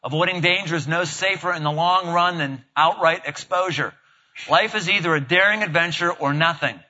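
Man, pastor, high voice, casual joking sermon, dull lo-fi recording. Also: moderate pace, bright, forceful tone. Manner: joking, conversational preaching. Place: church stage.

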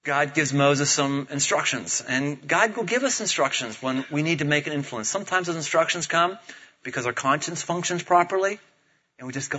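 A man's voice: fairly high pitch, normal speed, bright, forceful tone, slightly rough. A male pastor preaching a sermon in a conversational, playful way, drawing the congregation into the talk, on a dull lo-fi recording. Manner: conversational and playful, gets the audience to join in.

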